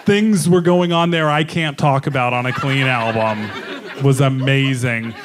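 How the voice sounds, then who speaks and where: A middle-aged man performing a stand-up comedy set, telling animated stories with chuckles on a club stage mic. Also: medium pitch, normal speed, noisy background. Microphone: stage microphone.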